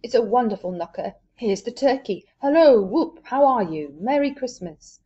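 A woman voicing an elated old man, newly generous, who exclaims loudly in a storybook reading. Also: medium pitch, animated, a little fast, lightly acted. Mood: delighted. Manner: loud, exclaiming, breathless joy. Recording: dull lo-fi recording.

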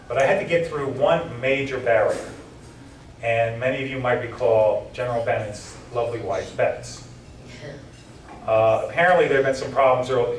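A man's voice: mid-range voice, a little hiss or hum. Man, emotional keynote speech, voice catching at tender moments, distant mic, echoey banquet hall. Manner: heartfelt, voice drops and chokes up at tender moments. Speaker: keynote speaker. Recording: roomy hall recording from a distance.

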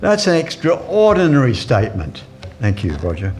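A man's voice: mid-range voice, wildly swooping pitch, moderate pace, music in the background. A man from New Zealand preaching a sermon in church, telling anecdotes with chuckling asides and fillers.

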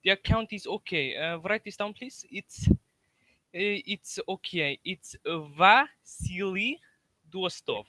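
A man makes a prank call, halting and repeating himself in a put-on foreign voice. His voice sits high and bright. The sound is close and dry, with no room to it. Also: expressive, no room sound. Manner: hesitant, mock-foreign caller voice. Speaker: prank caller.

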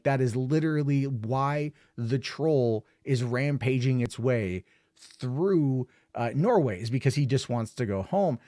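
A man's voice: medium pitch, a little mellow, no room sound, clean studio sound. A man giving a casual spoken film review, rambling with lots of fillers and an amused tone.

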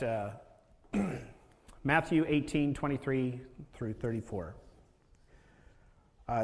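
Pastor guy preaching easy and chatty, keeps asking "right?", mid voice, long echo off a big hall. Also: medium pitch. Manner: conversational preaching with rhetorical questions. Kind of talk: sermon.

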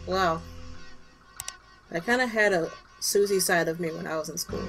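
A woman hosting a gaming channel who talks straight to her viewers in expressive let's play reaction commentary. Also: on the low side, moderate pace, long pauses, faint music behind.

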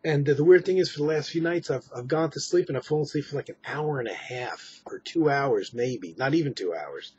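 A man's voice: on the high side, animated, a little fast, few pauses, a little mellow, husky, highs cut off. An exhausted man giving a rambling late-night personal update at home, with many fillers and restarts. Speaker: vlogger.

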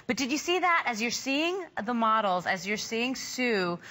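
A woman on a shopping channel, gushing over the product in quick, eager patter. Her voice is bright and forward, with a slight sniffle from a cold. She sounds like a TV studio host. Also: a little high. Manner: excited, gushing, fast selling patter. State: sniffly, under the weather. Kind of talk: live TV sales pitch.

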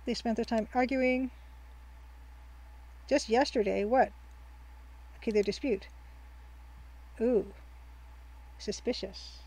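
A woman's voice: on the high side, takes it slowly, pauses often, darkish tone, low-quality recording. A woman hosting a let's play, chatting casually, reading the game's text aloud and laughing often. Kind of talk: casual gameplay commentary.

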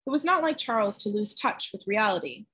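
A woman reading a novel aloud with steady, even storytelling. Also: mid-range voice, brisk, breathy edge, low-quality recording. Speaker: audiobook narrator.

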